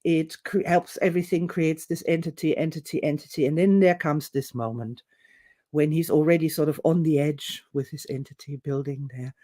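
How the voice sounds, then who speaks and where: Speaking at a moderate pace in a low voice, a female presenter delivers a theatrical, opinion-heavy monologue. She wanders off on tangents and animatedly performs how others reacted, quotes included.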